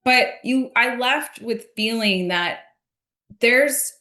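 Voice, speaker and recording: Female interview guest, earnest storyteller, bright tone, roomy reverberant recording. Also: fairly high pitch, slow. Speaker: congressional candidate guest.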